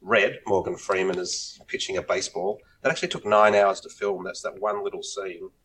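A man's voice: low-pitched, fairly even intonation, a little fast, a bit bright, slight background noise, poor audio. A man, co-hosting a podcast in casual chat, upbeat and teasing. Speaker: podcast co-host.

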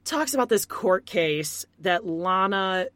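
A woman's voice: mid-range voice, expressive, takes it slowly, fairly bright tone, dry recording. A woman co-hosting a casual TV recap podcast, chatting with dry, joking asides. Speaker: podcast co-host.

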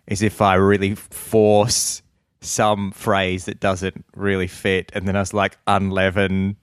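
A man's voice: deep voice, monotone, measured pace, smooth, no echo, clean studio sound. A man with an Australian accent co-hosting a casual podcast, playful and rambling, laughing often. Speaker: podcast co-host.

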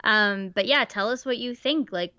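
A woman's voice: on the high side, moderate pace, pushed and bright, no room sound. A woman co-hosting a casual podcast in a chatty, easygoing way, with plenty of fillers. Her voice is recorded bone dry with a slightly dull, muffled tone. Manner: chatty, laughs easily, many fillers. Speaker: podcast co-host. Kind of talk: casual chat.

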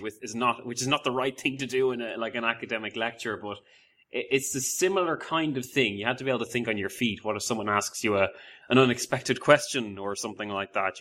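A man's voice: medium pitch, fast talker, sharp tone. A man hosting a podcast, chatting casually in a rambling, self-deprecating way with many restarts. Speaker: podcast host. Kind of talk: casual conversation.

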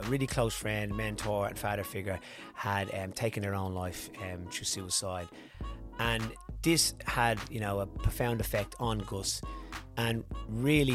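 A man with an Irish accent hosting an interview podcast, introducing his guest earnestly and upbeat, often pausing with fillers. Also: on the low side. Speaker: podcast host.

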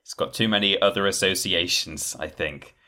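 A man's voice: deep voice, normal speed, bright, forceful tone. A man in casual podcast chat, rambling with many fillers and acting out quoted lines. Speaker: podcast guest discussing game trailers.

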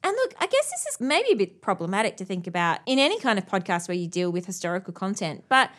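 A woman's voice: medium pitch, very animated, fast talker, fairly bright tone. A young woman co-hosting a podcast, chatty, bubbly and self-deprecating. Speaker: podcast co-host. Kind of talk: casual chat.

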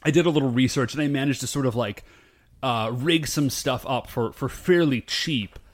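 A male podcast co-host chats casually with a mid-range voice at a normal speed. He rambles animatedly and fills his talk with lots of fillers.

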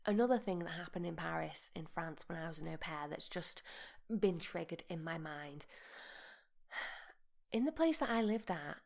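A young woman hosting a podcast, chatting playfully and sometimes dropping into a soft mock-meditation voice. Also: fairly low pitch, expressive, normal speed, gravelly, long pauses. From Britain. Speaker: podcast host. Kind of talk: casual chat.

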